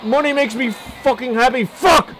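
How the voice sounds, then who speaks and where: A man's voice: very high-pitched, very animated, fast, over music, crowd noise, poor audio. A man voicing a boastful, foul-mouthed male Irish fighter who rants taunts and brags about money in a comedic parody voice-over. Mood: taunting.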